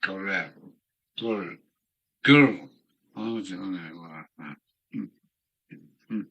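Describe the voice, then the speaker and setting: A man's voice: low-pitched, takes it slowly, gravelly, sharp tone, breathy edge, low-quality recording. A tipsy man with a southern English accent, rambling through a solo live stream from his home hobby room and chanting phrases in a sing-song way. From southern England. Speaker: model railway live streamer.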